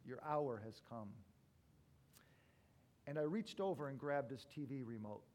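A male pastor preaching a sermon, telling stories with big swings from loud to hushed. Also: medium pitch, animated, measured pace.

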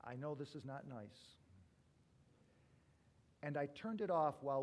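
High-voiced male pastor preaching. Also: lively intonation, a little slow, pauses often, a little hiss or hum. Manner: storytelling with wide swings from loud to hushed. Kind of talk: sermon.

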